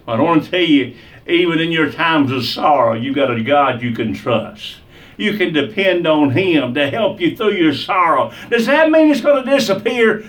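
A man's voice: on the high side, lively intonation, moderate pace, fairly bright tone, recorded from a distance. A man preaching a sermon with an emphatic, repetitive cadence.

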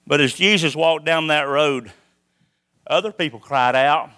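A man preaching a sermon, swinging between loud calls and hushed lines. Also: on the high side, unhurried, clean tone.

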